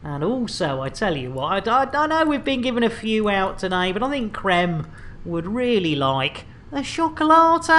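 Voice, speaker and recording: A man's voice: high voice, very animated, normal speed, a bit bright. A man streaming a space game, rambling and joking with repeated catchphrases. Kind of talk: live-stream commentary.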